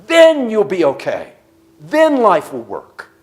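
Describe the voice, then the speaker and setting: Animated guy preaching, high voice, throws questions at the room. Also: slow. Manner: animated storytelling, questions to audience. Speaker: speaker. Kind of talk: sermon-style talk. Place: church service.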